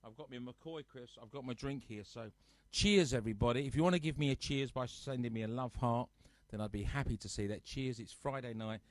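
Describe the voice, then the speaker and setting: A man's voice: mid-range voice, brisk, dry recording. Chatty man hosting a live stream. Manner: chatty, teasing, reads out viewer comments. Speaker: host of a live-streamed music show. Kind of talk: casual chat to live viewers. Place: at home on a sofa.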